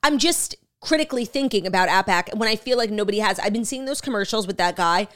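A woman co-hosting a casual podcast, her voice rising and falling widely as she talks. She teases her co-host and poses mock-serious questions in an easy, chatty way. Her pitch sits in the middle for a woman. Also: expressive, fast talker, hardly any pauses, fairly bright tone. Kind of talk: casual chat.

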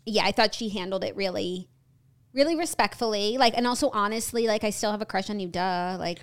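A woman's voice: medium pitch, brisk, clean tone. A woman co-hosting a casual chat, talking loosely with lots of filler words. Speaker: co-host. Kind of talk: casual chat about reality TV.

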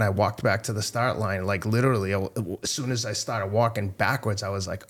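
A man's voice: fairly low pitch, fairly quick, hardly any pauses. A middle-aged man talking candidly as a podcast guest, swearing freely and getting choked up. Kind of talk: candid interview talk.

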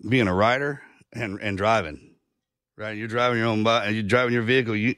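A man's voice: on the low side, fairly even intonation, brisk, fairly bright tone, no echo, clean studio sound. A man co-hosting a podcast, folksy and rambling, who spins long analogies and swears casually. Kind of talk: conversational podcast talk.

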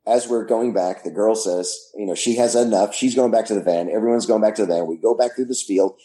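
Low warm-voiced guy, rambly storyteller, says you know a lot. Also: fairly quick, rough recording. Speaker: guest, former TV host. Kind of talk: casual anecdote telling.

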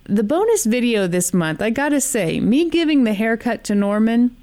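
A woman's voice: a little high, very animated, moderate pace, darkish tone. A woman co-hosting a podcast in casual chat, with a teasing, wry manner. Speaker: podcast co-host.

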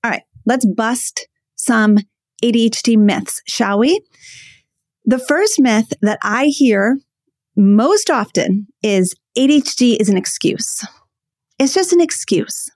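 A woman's voice: fairly high pitch, slow, a little mellow, dry recording, clean studio sound. A woman hosting a solo podcast as a coach, talking to listeners in an earnest, emphatic way and repeating her key phrases. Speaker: podcast host and ADHD coach.

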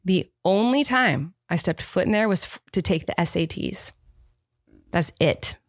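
A young adult woman with a fairly low voice chats playfully with a friend. Her stories come across casual and teasing. The sound is close and dry. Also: lively intonation, unhurried, no echo. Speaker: vlogger. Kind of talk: casual chat.

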